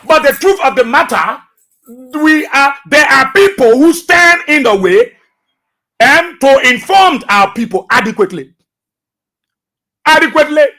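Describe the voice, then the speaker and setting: A man's voice: very high voice, expressive, a little slow, long pauses, bright, forceful tone. A man with a Liberian English accent hosting political talk radio, passionate and repeating phrases for emphasis.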